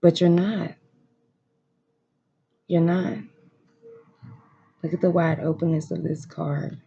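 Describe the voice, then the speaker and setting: Speaking from a room at home, a tarot reader lays out cards and addresses viewers directly, emphatic and emotional, repeating words of encouragement and cursing freely. The voice is medium-pitched and level, slow and gravelly, husky and dark, with long pauses. The recording sounds lo-fi.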